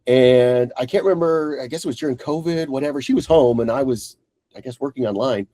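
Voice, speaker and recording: This podcast co-host is a man with a medium-pitched voice and a brisk delivery. In casual chat, he tells stories as an animated narrator, swearing freely and acting out quotes.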